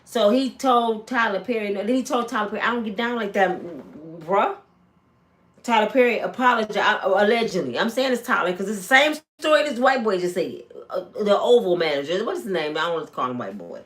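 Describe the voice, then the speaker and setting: A woman vlogger talks gossip in a casual, lively storytelling way. She jumps into high-pitched voices when she quotes people. Her middle-range voice stays chatty and animated. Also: brisk. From Michigan, USA.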